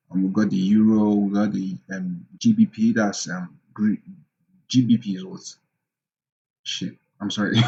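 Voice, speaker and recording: A man's voice: lowish voice, mellow, muffled recording. A young man, possibly, giving a casual trading tutorial, full of ums and quiz-style questions he answers himself. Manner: asks rhetorical questions and answers them, many ums. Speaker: forex trading teacher. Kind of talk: casual screen-share tutorial.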